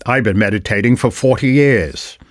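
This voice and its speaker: An older man hosting a podcast, chatting casually and retelling his encounters with lively storytelling. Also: mid-range voice, moderate pace, no echo, studio quality. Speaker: podcast host. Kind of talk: casual conversation.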